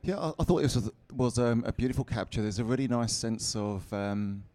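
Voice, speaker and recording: A man's voice: mid-range voice, a little fast, dark tone. A man giving a short, hesitant photography judge's comment. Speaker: competition judge. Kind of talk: spoken critique.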